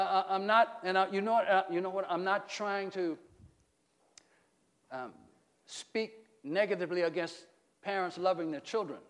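A middle-aged pastor preaches a sermon in a call-and-response style, frequently asking the congregation questions. He swings between loud, emphatic peaks and quiet, low stretches.

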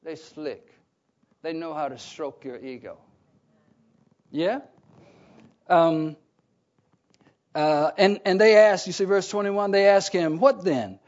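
High-voiced slow preacher, call-and-response. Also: male voice, steady tone, a little mellow. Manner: leaves gaps with "what?" for listeners to fill in; emphatic, repeats key phrases. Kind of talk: Bible teaching sermon. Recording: dull lo-fi recording.

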